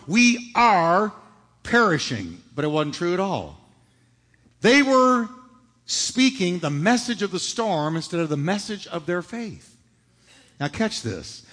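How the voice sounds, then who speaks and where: In a high-pitched, somewhat bright voice, a male pastor delivers an emphatic sermon, asking rhetorical questions and supplying the answers. The church sanctuary gives the recording a reverberant, hall-like sound.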